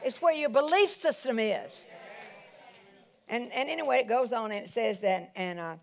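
Woman pastor, lively sermon delivery, slightly high voice, calls out often. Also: moderate pace, vocal fry. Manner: animated preaching with exclamations.

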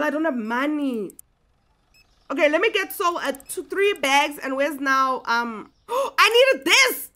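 A young woman giving casual, animated commentary as she plays a game, exclaiming and chatting to her viewers. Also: sits high. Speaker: gaming streamer.

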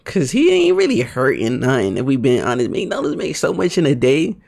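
Reaction host, male, slangy and laid-back, gravelly, lively pitch. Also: fairly quick. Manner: laid-back, slangy, says "bro" a lot. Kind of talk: casual reaction commentary.

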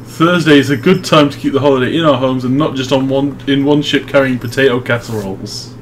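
A man's voice: medium pitch, a little fast, a little hiss or hum. A young man hosting a casual session, reading absurd script narration dryly and laughing often. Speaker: host.

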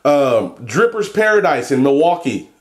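A young man talking casually in a vlog, cursing and joking as he reads a long list of shout-outs and stumbles over place names. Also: on the high side, big pitch swings, normal speed. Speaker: vlogger and e-liquid maker.

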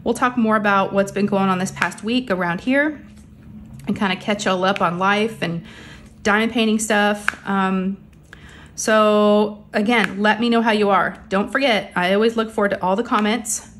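A woman's voice: mid-range voice, a bit bright. Chatty woman crafting at home. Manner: chatty, rambling, many fillers. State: a little out of breath, under the weather. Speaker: crafting vlogger. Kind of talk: casual chat while crafting. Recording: faint background hum of printers.

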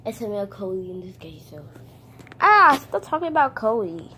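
A woman's voice: mid-range voice, big pitch swings, moderate pace, background noise. A woman talking casually and playfully, with hesitant fillers, while playing with toys and switching between voices. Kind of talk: casual toy play with voices.

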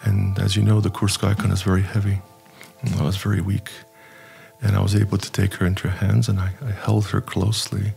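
A middle-aged archpriest telling a personal story in an earnest, halting way, with many pauses and fillers. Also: male voice, low voice, completely flat delivery, creaky, mellow, faint music behind. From United States. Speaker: archpriest guest.

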